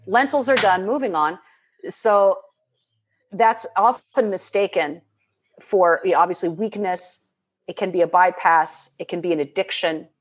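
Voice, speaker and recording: Middle-aged woman, leadership coach; animated, expressive talker, mid pitch. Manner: expressive and animated, quick to laugh, frequent restarts. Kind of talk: casual podcast conversation.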